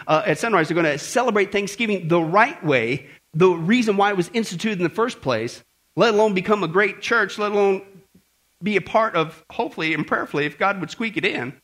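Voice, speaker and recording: Animated high-pitched male preacher. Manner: animated preaching, rhetorical questions to the congregation. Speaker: pastor. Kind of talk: sermon.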